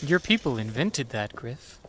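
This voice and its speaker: A man's voice: medium pitch, big pitch swings, a little slow, noisy background. A man streaming a horror game, chatting casually and swearing freely while he mutters to himself and answers chat. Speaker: streamer and voice actor.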